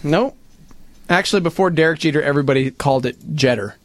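A man's voice: fairly high pitch, fast talker, dry recording. A man co-hosting a morning radio show, telling stories with exaggerated reactions. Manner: animated storyteller, exaggerated reactions. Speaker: radio co-host. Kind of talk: casual radio banter.

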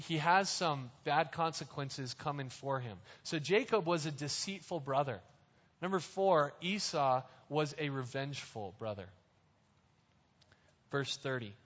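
A man preaching a sermon, explaining scripture in plain, conversational words and speaking slowly and deliberately. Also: a little high, fairly bright tone. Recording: reverberant hall, dull lo-fi sound.

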